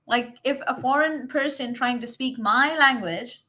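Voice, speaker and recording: Female teacher hosting a livestream, casual and encouraging, slightly high voice with a crisp, forceful edge. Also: a little slow. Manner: encouraging, coaching directly; chatty, with fillers and self-corrections. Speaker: English teacher, livestream host.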